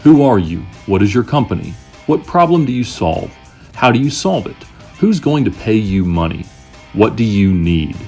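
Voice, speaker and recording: Deep-voiced man announcing over guitar. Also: sing-song, moderate pace, a little mellow. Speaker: show announcer. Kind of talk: scripted voice-over intro.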